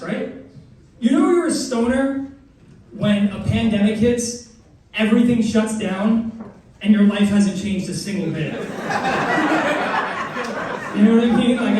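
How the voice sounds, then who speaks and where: A man's voice: extremely high pitch, warm tone, recorded from a distance. A man in his twenties doing a rambling, self-mocking, crude stand-up set in a comedy club. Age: 20s. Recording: echoey club, mic heard from afar, crowd noise. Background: audience laughter.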